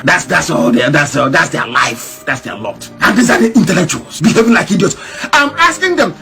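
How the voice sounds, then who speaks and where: A man delivers a fiery political monologue in a high-pitched voice that leaps up and down in wide swings. He is scornful and mocking, hammering his listeners with rhetorical questions. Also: wildly swooping pitch, moderate pace, gravelly, pushed and bright, faint music behind. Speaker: broadcaster.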